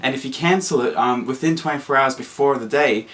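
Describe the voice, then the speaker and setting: A young man telling a story to camera in a casual, excitable vlog, full of fillers and acted-out quotes. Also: mid-range voice, fairly quick. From Australia. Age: young adult. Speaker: vlogger.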